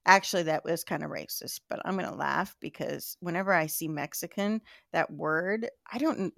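A woman's voice: lowish voice, normal speed, vocal fry, no echo, clean studio sound. A woman hosting a casual live call-in chat, laughing often. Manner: giggly, chatty. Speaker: host.

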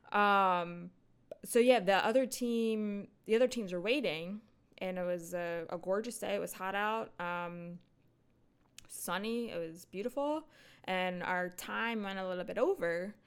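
Slow, smooth-voiced woman chatting. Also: medium pitch. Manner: rambling, animated, many fillers and laughs. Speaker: podcast host. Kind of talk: casual solo chat. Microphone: podcast microphone.

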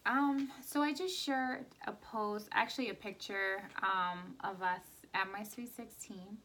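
Soft-spoken woman co-hosting a podcast. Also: medium pitch, steady tone, unhurried, slight background noise. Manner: soft-spoken, rambling with fillers. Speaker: podcast co-host. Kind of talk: casual chat. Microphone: no proper microphone set up.

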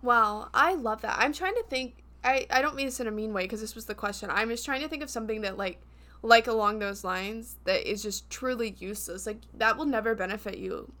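A woman's voice: a little high, a little fast, bright, forceful tone. A young adult woman co-hosting a podcast in casual chat, playful and laughing often. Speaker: podcast co-host.

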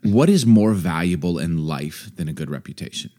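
A man in his forties co-hosting a casual chat, animated and excitable, voice jumping high when worked up. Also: moderate pace. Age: 40s. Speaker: podcast co-host and pastor.

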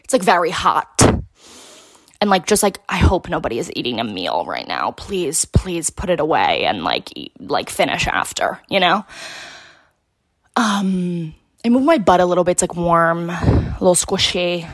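A young woman from Connecticut tells a funny story in a casual, dramatic way, her voice lowish and a little slow. The recording is clean studio sound with no echo. She's animated and dramatic, leaning heavily on filler words and swearing freely.

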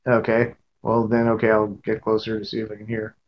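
A man's voice: lowish voice, completely flat delivery, brisk, muffled recording, slight background noise. A man playing in a casual tabletop role-play, wry and talking through each move. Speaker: player.

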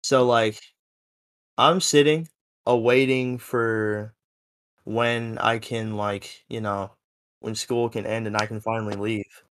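A man's voice: on the low side, steady tone, slow pace, pauses often, a bit bright. A seventeen-year-old young man telling a story in a casual podcast chat, rambling and full of fillers. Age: teens. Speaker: podcast co-host.

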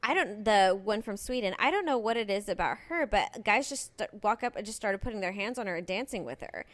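A woman's voice: medium pitch, a little fast. A woman telling a story in casual chat, acting out what people said to her. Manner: animated storytelling, acting out quotes.

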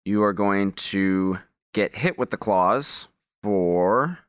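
A man narrating as game master of a tabletop game, in a relaxed and playful way. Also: lowish voice, slow, clear, resonant tone, dry recording. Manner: relaxed, playful, hammy creature sounds.

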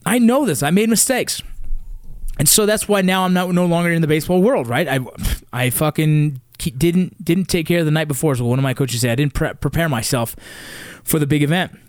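A fairly quick, slightly high male voice, recorded clean in a studio with no room sound. He's a father of young athletes in his thirties from California's San Fernando Valley, delivering a blunt, intense motivational rant full of swearing and hammering each point through repetition.

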